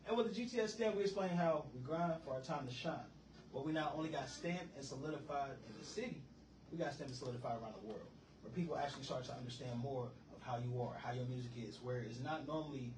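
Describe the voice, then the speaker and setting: Energetic, profane male radio host; distant, echoey studio sound. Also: medium pitch, quick pace, background noise. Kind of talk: hype radio hosting. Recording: roomy room, distant mic.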